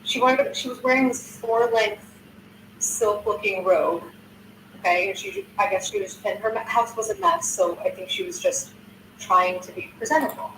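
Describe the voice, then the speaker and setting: A woman's voice: mid-range voice, animated, moderate pace, a bit bright. An older woman in her sixties, a content creator, recounting a video in a casual, indignant way, swearing often and restarting sentences. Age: 60s. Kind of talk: casual recap of a news video. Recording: roomy sound from a distance, faint noise.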